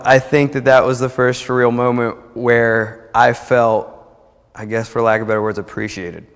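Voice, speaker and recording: In a church sanctuary, a young man from New Jersey gives a heartfelt personal testimony during a service, chatty and rambling with many restarts. His mid-range voice has little pitch movement, an unhurried pace and a clean tone, set against a church hall's long reverb.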